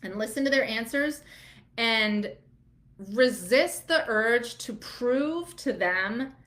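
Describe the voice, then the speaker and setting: A woman coach speaks to the camera with open, lively energy. She is candid and laughs freely while she explains her approach to client interviews. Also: a little high, slow. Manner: animated, candid, laughs easily. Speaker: doula and business coach.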